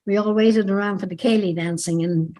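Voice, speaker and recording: This older woman, a dance teacher from Ireland with a Dublin accent, speaks briskly in a dark, mid-range voice with fairly even intonation. Reminiscing as an interview guest, she is talkative and meandering and keeps correcting herself mid-sentence.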